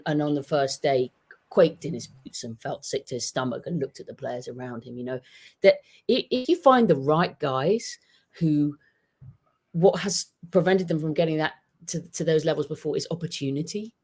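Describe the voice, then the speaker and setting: A man chatting about football on a podcast, telling stories in an animated way, with many restarts. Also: fairly high pitch, normal speed. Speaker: podcast guest. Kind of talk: casual football chat. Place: home with a dog.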